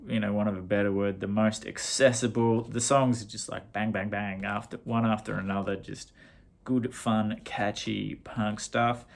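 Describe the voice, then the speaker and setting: A man's voice: on the low side, creaky. A middle-aged Australian man giving a casual, rambling record review with slang, often correcting himself. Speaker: vinyl collector reviewing records.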